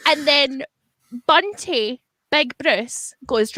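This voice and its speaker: Sweary Scottish woman, bright and lively. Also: a little high, normal speed, no echo. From Scotland. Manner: animated, sweary anecdotes with acted-out quotes. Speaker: comedian and stream co-host. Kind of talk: casual chat, storytelling.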